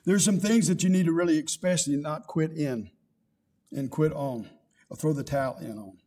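A man's voice: a little high, moderate pace, dark tone. An older man, a pastor, preaching a sermon with rising emphasis and quoted scripture.

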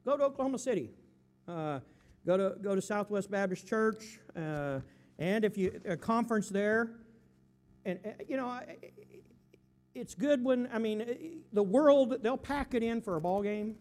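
A man preaching a sermon, telling a story in a folksy, excitable way with fillers and restarts and calls for amens. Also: high-pitched, measured pace.

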